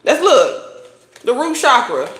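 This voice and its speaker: A woman's voice: on the high side, big pitch swings, slow pace, fairly bright tone, reverberant. A woman doing a casual tarot reading, talking bluntly with lots of swearing and preachy advice. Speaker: tarot reader.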